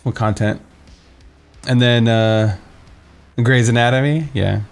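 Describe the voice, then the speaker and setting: A man's voice: medium pitch, takes it slowly, vocal fry, clean tone, faint music behind. A young man streaming a game, telling a story in a casual, rambling way with many fillers and restarts. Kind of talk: casual storytelling while playing.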